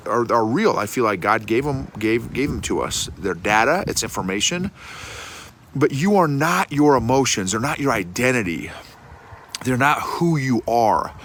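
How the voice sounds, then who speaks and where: A middle-aged man with a folksy, animated manner, talking to a phone camera outdoors in the snow and often restarting his words. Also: medium pitch, a little hiss or hum. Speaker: leadership coach and podcast host. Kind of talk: casual outdoor talk to camera.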